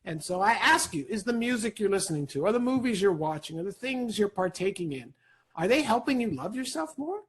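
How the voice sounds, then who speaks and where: Animated husky-voiced man, high and lively. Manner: animated, rapid, peppered with "right?". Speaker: guest speaker. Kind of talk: energetic motivational talk.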